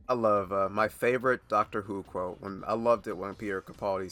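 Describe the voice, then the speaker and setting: A man's voice: fairly low pitch, normal speed, a bit bright, faint music behind. A man giving blunt, sarcastic reaction commentary, swearing often and stammering into rants. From United States.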